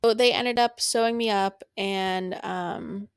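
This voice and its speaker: A young woman hosts her own podcast and talks through a personal story in a loose, unfiltered way. She is blunt and swears freely. Her voice has a gravelly fry in mid pitch, recorded dry and close. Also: takes it slowly, no echo. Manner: blunt and profane, laughs while telling. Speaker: podcast host.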